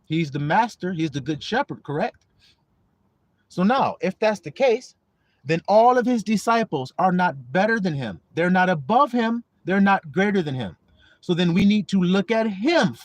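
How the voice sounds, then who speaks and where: A high-pitched man preaching to his online flock, his voice swinging widely up and down as he jokes, swears and fires rhetorical questions. The sound is close and dry, with no room around it. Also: no room sound. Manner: profane, mocking and laughing, rhetorical questions. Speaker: online preacher and livestream host. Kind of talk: streetwise livestream preaching.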